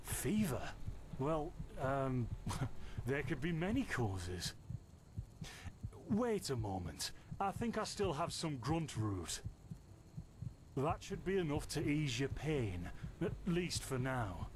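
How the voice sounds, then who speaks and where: A friendly young alchemist with a lively, rising and falling delivery, unhurried and good-humoured. He sounds caring and a little evasive, with steady noise underneath the game audio. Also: medium pitch. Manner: good-humoured, helpful, chuckles easily. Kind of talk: video game voice acting. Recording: game audio over noisy stream.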